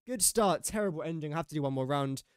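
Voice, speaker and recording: Chatty gaming streamer, smooth voice. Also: male voice, fairly high pitch, expressive, fast, dry recording, clean studio sound. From England. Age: young adult. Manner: chatty, jokey and self-mocking, thinking aloud. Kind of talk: casual live-stream commentary.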